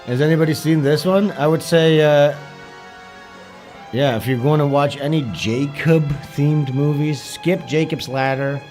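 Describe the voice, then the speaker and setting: A man's voice: fairly high pitch, fairly even intonation, measured pace, a little mellow. Irreverent man commentating a film on stream. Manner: joking, irreverent, swears freely, laughs at what he watches. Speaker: livestream host. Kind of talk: casual commentary while watching a film. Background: music from a film playing.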